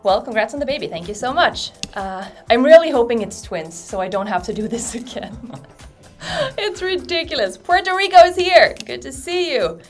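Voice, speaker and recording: A woman's voice: on the high side, very animated, normal speed, faint music behind. A woman from Sweden with an American accent, hosting a casual livestream, bubbly and giggly as she reads viewer comments. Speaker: livestream host.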